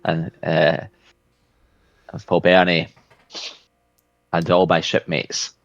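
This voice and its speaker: A vengeful sailor swears revenge on a beast from the deep, as a man acts him out at the table. His voice sits very low and he declaims in halting bursts. The sound is dull and lo-fi, with a dry, close feel. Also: completely flat delivery, gravelly, no echo, heavily acted.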